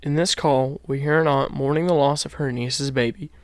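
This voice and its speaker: A man giving a somber, measured scripted narration as a video host. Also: mid-range voice, steady tone, dry recording, studio quality.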